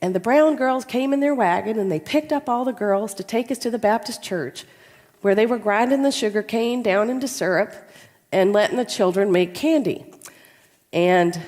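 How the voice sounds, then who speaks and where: A woman's voice: medium pitch, close to an everyday voice. A woman voicing her commanding grandmother in her nineties, telling a folksy story in a Southern accent. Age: 90s. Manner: folksy, lively porch storytelling. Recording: long reverb in a large hall.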